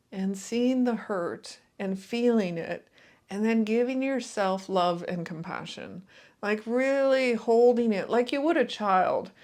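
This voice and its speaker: A woman coach giving a calm, soothing talk straight to her viewers, guiding them through breathing and grounding. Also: a little high. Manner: soft, soothing, unhurried delivery. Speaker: intuitive and transformational coach. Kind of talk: calm guided talk to camera.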